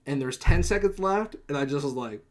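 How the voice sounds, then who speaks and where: A man's voice: on the high side, expressive, a little fast. A young man hosting a podcast, telling a long rambling gaming story in casual chat, full of fillers and swearing, acting out quoted lines in a livelier voice. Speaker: podcast host.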